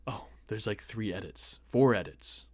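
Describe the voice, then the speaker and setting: Against background noise, a young American man with a lowish voice reads an online post at a measured pace. As host, he breaks in with sarcastic, mocking comments in a casual commentary.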